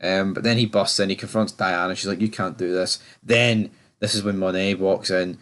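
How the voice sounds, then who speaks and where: A man's voice: sits low, fairly even intonation, normal speed, a bit bright. A man giving a casual, rambling review of a TV episode, often stammering and repeating words. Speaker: TV show reviewer.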